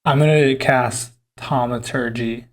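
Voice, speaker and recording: A man's voice: medium pitch, fairly even intonation, a little slow. Playful self-mocking man player. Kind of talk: casual tabletop game chat.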